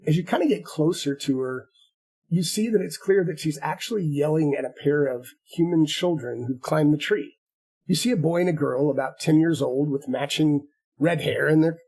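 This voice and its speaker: A man running a tabletop game as game master, narrating in a halting way with many repeated words. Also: a little high, a little mellow, husky, low-quality recording.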